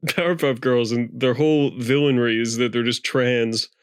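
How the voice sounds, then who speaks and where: Brief: man with a smooth, resonant voice, dry wry asides, close dry mic. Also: medium pitch, steady tone, moderate pace, dry recording. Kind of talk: casual podcast chat.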